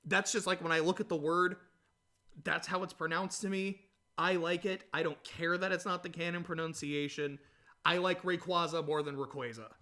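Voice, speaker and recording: A man hosting a solo podcast, rambling and chatty, telling stories in a casual, animated way. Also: fairly high pitch. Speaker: podcast host.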